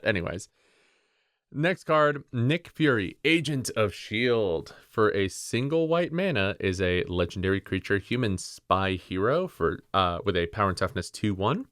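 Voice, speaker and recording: A man with a low voice co-hosts a podcast and works through card rulings step by step in a relaxed, chatty way. His voice sits close and dry, with almost no room around it. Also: unhurried, dry recording. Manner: explains card rules methodically, laughs easily. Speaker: podcast co-host. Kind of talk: casual rules discussion.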